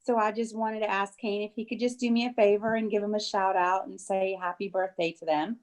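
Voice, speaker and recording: A woman's voice: medium pitch, fairly even intonation, a little fast. Giggly middle-aged woman calling from her kitchen. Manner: chatty and giggly. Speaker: caller. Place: home kitchen. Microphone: video call.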